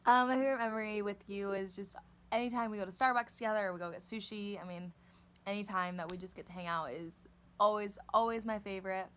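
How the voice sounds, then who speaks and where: Easygoing young woman, mid-pitched voice. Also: steady tone, fast, a bit bright. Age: young adult. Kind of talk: recorded farewell message.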